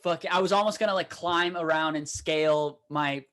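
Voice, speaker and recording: Young guy, high voice, profane and animated, casual podcast storyteller. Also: normal speed. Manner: profane, animated storyteller, shouts quoted lines. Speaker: podcast co-host.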